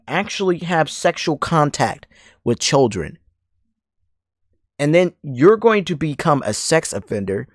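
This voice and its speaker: A man's voice: on the high side, no echo, clean studio sound. A man delivering a heated, profane call-out rant straight at someone, hammering the same points over and over. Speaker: commentary channel host.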